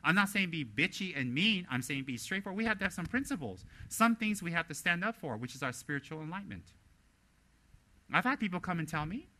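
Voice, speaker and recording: A man giving a dharma teaching as a Buddhist teacher, animated and blunt, often slipping into mimicry of other people. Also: on the high side, a little fast.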